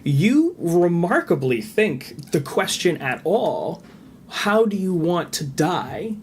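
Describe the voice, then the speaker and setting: A man's voice: on the high side, sing-song, slow, slight background noise. A man hosting a podcast interview, speaking empathetically, summarizing his guest's story and swearing casually. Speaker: podcast host. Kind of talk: conversational interview.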